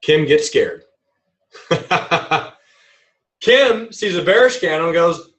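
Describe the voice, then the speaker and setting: A man teaching a trading webinar in a playful, animated way, acting out examples as he explains them. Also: fairly high pitch, slow, pauses often, rough recording. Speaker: trading instructor.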